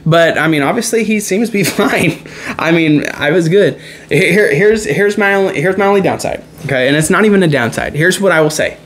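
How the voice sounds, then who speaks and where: A man hosting a casual racing chat show, telling stories excitedly and laughing often. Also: high voice, a little fast, a little hiss or hum. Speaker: podcast host.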